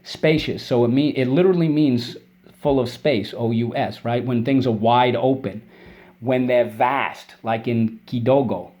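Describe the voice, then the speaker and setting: A man teaching a spelling and vocabulary lesson for kids, explaining words patiently and drilling them in call-and-response with quick praise. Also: mid-range voice, darkish tone.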